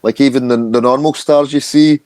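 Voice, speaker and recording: A man's voice: mid-range voice, steady tone, moderate pace, a little mellow. A man from the United Kingdom speaking earnestly in casual chat on a video call, with stammering restarts.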